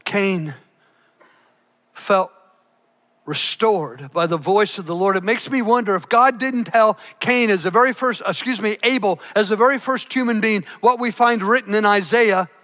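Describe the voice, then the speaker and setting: Guy preaching a sermon, really high bright voice, goes from hushed to shouting. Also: unhurried. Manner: dramatic preaching, swinging between soft hushed lows and loud shouted highs. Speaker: pastor.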